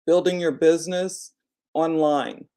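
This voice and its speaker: A woman's voice: deep voice, unhurried, dark tone, clear, resonant tone. A woman talking casually to her viewers as an online business coach, encouraging them and speaking with many "you know" fillers. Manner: encouraging, addresses viewers directly. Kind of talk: casual reflective vlog talk.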